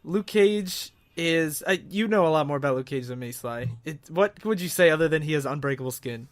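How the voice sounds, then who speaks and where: A man co-hosting a casual podcast, throwing in quick, wry asides. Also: a little high, lively intonation. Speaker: podcast co-host. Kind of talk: casual chat.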